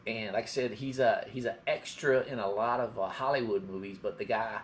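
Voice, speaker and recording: A man's voice: lowish voice, steady tone, brisk, a little hiss or hum. A middle-aged man from Georgia with a mild Southern drawl, telling rambling stories in a casual live-stream chat. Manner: rambling storyteller.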